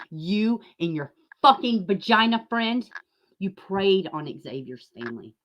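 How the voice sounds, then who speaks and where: A woman's voice: mid-range voice, expressive, a little slow, a bit bright, dull audio. A woman hosting a livestream, ranting angrily and sarcastically, cursing often and speaking to viewers in the chat by name. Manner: angry, profane, sarcastic. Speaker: YouTube channel host. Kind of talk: livestream rant.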